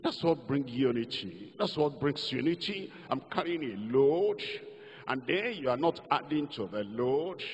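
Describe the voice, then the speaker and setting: A man's voice: mid-range voice, sing-song, a little slow, husky. An older man with a Nigerian accent preaching a sermon, leading the congregation in call-and-response and sing-song declarations. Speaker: pastor. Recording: lo-fi hall recording.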